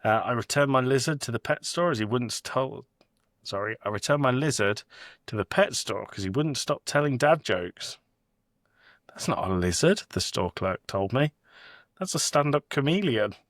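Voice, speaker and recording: British male co-host, dry deadpan joke delivery, close dry mic, mid-pitched voice. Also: normal speed, no echo. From Britain. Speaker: podcast co-host. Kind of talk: casual comedic chat.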